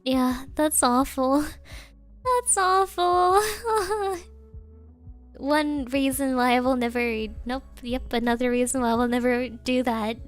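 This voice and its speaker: A woman's voice: high voice, flat delivery, normal speed, few pauses, faint music behind. A woman streamer from Germany chatting casually, rambling with lots of "like" and frequent giggles. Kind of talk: casual chat.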